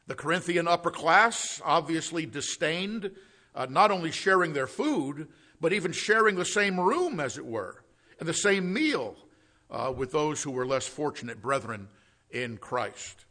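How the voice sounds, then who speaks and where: A pastor delivering a sermon with a gravelly, fry-laced voice that sits a little high for a man. He preaches emphatically, pausing on rhetorical questions and sprinkling in "uh" fillers. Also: fairly bright tone. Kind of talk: expository sermon.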